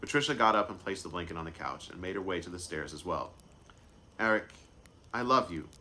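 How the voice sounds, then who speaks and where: A man with a low, deep voice reads his own story aloud in a live reading. He trips over words now and then and goes back to fix them, keeping an unhurried storytelling tone. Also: sharp tone, a little hiss or hum. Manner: unscripted stumbles and self-corrections. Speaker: author and narrator.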